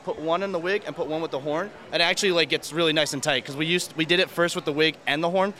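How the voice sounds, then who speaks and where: A man's voice: fairly high pitch, quick pace, a crowd in the background. A man cosplayer answering interview questions outdoors at a convention, rambling with lots of fillers.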